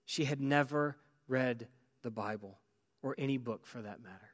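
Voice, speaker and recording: A man preaching a sermon as pastor, telling a story with many restarts and drops to near-quiet. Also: mid-range voice, moderate pace.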